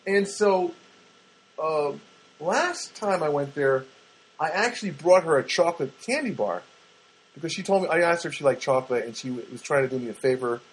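A man's voice: a little high, normal speed, slightly rough, low-quality recording. A man hosting his own podcast, telling a meandering personal story with many restarts, recorded in a studio apartment. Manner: animated, meandering, self-interrupting. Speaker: podcast host. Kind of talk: rambling personal monologue.

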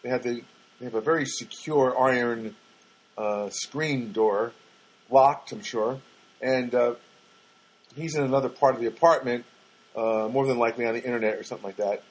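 A man's voice: mid-range voice, normal speed, long pauses, poor audio. A man telling a casual, rambling story with many fillers and restarts, with wry, self-deprecating asides.

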